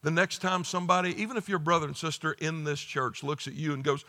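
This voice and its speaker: A male pastor giving a conversational sermon, joking and then rising into emphatic, forceful bursts. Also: a little high, fairly even intonation, fast talker.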